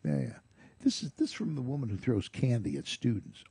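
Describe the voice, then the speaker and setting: A man's voice: medium pitch, sing-song, fairly quick, creaky, dark tone, breathy edge, no room sound. A middle-aged man co-hosting a talk radio show, bantering casually and laughing often. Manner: jokey, laughs often, drops into comic voices. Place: radio studio.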